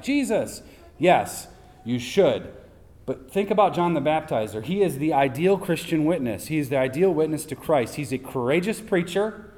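Man, pastor, sermon, emphatic rhetorical questions, mid-pitched voice, reverberant church hall. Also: a little mellow.

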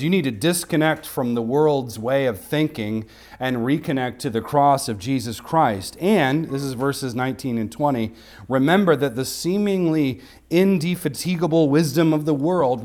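A male pastor preaching an expository sermon in a mid-pitched voice. He swings between forceful, raised exclamations and soft, lowered asides. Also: normal speed. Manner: emphatic, rising to sharp exclamations and dropping to quiet asides. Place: church sanctuary.

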